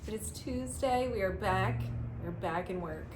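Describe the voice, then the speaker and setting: A woman's voice: mid-range voice, measured pace, noisy background. A woman co-hosting a casual cruise news chat, talking in a loose, hedging way as she reads out stories. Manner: chatty, hedging with "I guess" and "I don't know". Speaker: co-host of a cruise news show.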